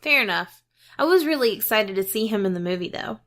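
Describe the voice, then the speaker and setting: A young woman trading blunt, teasing takes in a casual podcast chat. Her voice is bright and sharp-edged, at a middle pitch. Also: expressive, fairly quick. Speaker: podcast co-host. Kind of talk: casual movie review chat.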